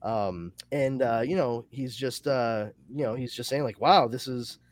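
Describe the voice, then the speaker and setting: A male podcast host chatting casually, summarizing a comic in a rambling, animated way with lots of fillers. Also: mid-range voice, measured pace. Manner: rambling and animated, with many fillers and excited asides.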